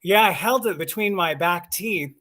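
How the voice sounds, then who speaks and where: Guy narrator chatting about his craft, upbeat, slightly high voice. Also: moderate pace, pushed and bright. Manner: enthusiastic, explains his craft with self-deprecating laughs. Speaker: voice actor and audiobook narrator. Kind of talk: casual chat on a live stream.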